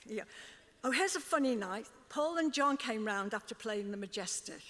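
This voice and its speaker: A woman's voice: a little high, lively intonation, moderate pace, a bit bright. Chatty older Liverpool woman, reverberant hall. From Liverpool, England. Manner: chatty, laughs often, acts out quotes. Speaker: interview guest. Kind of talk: storytelling on stage. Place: club stage before an audience.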